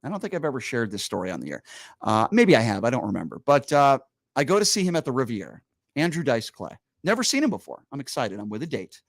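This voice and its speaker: A man hosting a radio show in the studio, telling a story in a lively, animated way and acting out the people he quotes. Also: mid-range voice, quick pace, dry recording. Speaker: radio host. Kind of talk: casual studio chat, storytelling.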